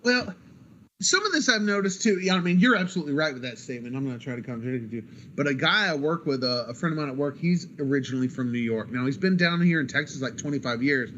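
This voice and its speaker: A man's voice: on the high side, expressive, fast talker, a bit bright, lo-fi sound. A man co-hosting a podcast in casual chat, rambling along with filler words and false starts. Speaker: podcast co-host.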